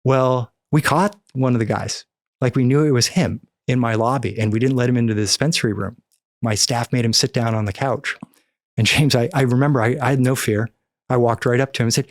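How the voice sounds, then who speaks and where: A middle-aged man from the American Midwest, guest on a podcast interview, telling a story with animated acted-out dialogue. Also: mid-range voice, quick pace, no echo, studio quality. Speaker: podcast guest, cannabis activist.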